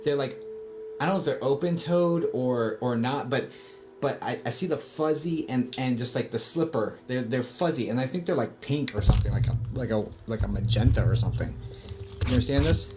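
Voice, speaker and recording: A man's voice: medium pitch, brisk, background noise. A man working as a psychic medium on a casual livestream, rambling through his reading with lots of fillers and self-corrections. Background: background music.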